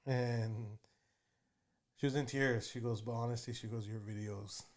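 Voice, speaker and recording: A man's voice: medium pitch, fairly even intonation, brisk. Guy in his 30s rambling thru stories, "you know" every other line. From Texas. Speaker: guest. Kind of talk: casual storytelling.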